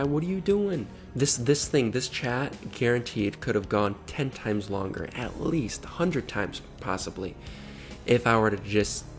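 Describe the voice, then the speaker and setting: A man vlogging in casual commentary, sarcastic, mocking and exasperated. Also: on the low side.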